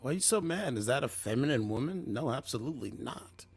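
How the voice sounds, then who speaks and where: A man's voice: mid-range voice, lively intonation, brisk, creaky, breathy edge. A man hosting a livestream, needling a caller with mocking, repeated questions. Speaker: livestream host. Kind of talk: confrontational livestream talk.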